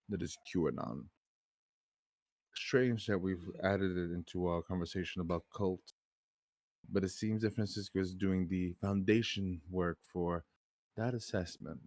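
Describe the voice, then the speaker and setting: A man's voice: sits low, darkish tone, no room sound. A man co-hosting a casual podcast, introducing the topic and making dry jokes. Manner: dry joking. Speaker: podcast co-host.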